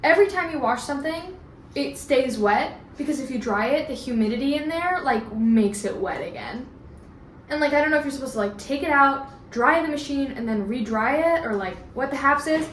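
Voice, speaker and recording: High-voiced young woman vlogging. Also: lively intonation, a little fast, fairly bright tone. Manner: chatty, swears casually, talks to the camera. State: out of breath. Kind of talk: casual vlog chat. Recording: noisy background.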